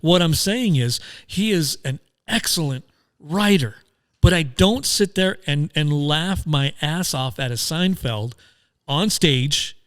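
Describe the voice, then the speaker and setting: A man's voice: on the high side, animated, slow pace, fairly bright tone, clean tone. A man co-hosting a casual talk show, carefully laying out his opinions. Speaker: podcast host. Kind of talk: casual chat.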